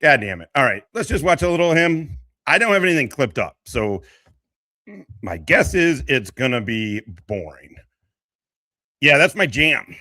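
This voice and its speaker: A man's voice: mid-range voice, big pitch swings, normal speed, pauses often, pushed and bright, no echo. A man hosting a casual livestream, talking in a rambling, profane, emotional way. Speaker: livestream host and veteran.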